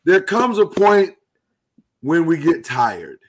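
A man hosting a live talk show, speaking earnestly and haltingly while he holds back emotion. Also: a little high, big pitch swings, slight background noise. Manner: earnest, halting, with many restarts. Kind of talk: casual live-stream talk.

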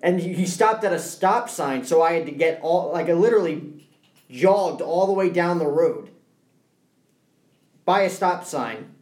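Young man, podcast co-host, casual storytelling, slightly high voice, roomy echo. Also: a little slow, pauses often. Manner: storytelling, animated impressions.

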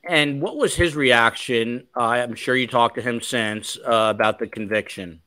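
A man's voice: medium pitch, a little slow, sharp tone, no echo. A man hosting a podcast livestream, chatting casually and reading viewer comments aloud. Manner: chatty, reads comments aloud, many fillers. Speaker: podcast host.

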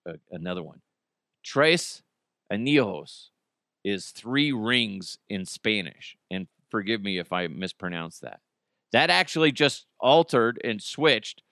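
On his solo podcast, a male host riffs casually, cracking jokes, swearing, and reading a live ad. His low voice is pushed and bright and a little slow, recorded cleanly in a studio with no echo.

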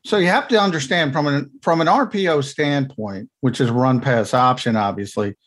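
A man of medium pitch talks through football in a relaxed podcast chat. He is an insider who explains each point in chatty runs, with quick asides along the way. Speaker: team insider analyst. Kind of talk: casual podcast analysis.

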